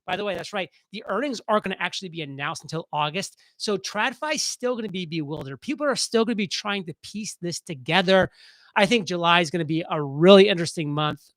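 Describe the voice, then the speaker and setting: Excited high-pitched man hosting a live stream. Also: no echo, low-quality recording. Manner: excited, fast-talking, reads viewer comments aloud. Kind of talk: casual live stream chat reading comments.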